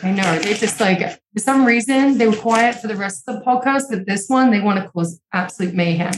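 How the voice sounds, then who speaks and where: A woman's voice: medium pitch, fairly quick, slight background noise. Young woman, podcast guest, candid and emotional, heavy swearing and "like" fillers, echoey home room. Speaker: interview guest. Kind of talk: candid conversational storytelling.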